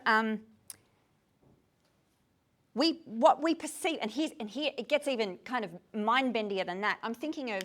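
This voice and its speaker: Woman speaker, fairly high voice, tired but lively with a group audience. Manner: animated, asks the audience many questions. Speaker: speaker leading a poetry discussion. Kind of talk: informal lecture to a group. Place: room with a gathered audience.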